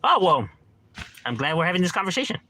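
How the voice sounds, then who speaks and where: Slangy, bright-voiced streamer man from Los Angeles. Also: high voice, very animated, fast talker. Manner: laid-back, slangy, drops Spanish words, laughs often. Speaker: livestream host chatting with strangers. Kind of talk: casual profane chat.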